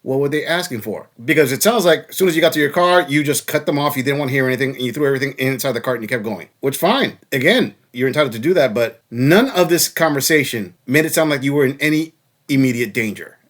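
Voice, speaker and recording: A man's voice: medium pitch, fast talker, a bit bright. A man hosting a reaction commentary, lecturing bluntly and mocking the clips he plays. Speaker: commentary channel host.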